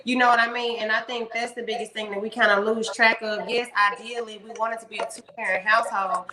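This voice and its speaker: A woman's voice: on the high side, little pitch movement, quick pace, echoey room, crowd noise. A woman, a mother, giving her view earnestly in a casual group discussion. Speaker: panel guest.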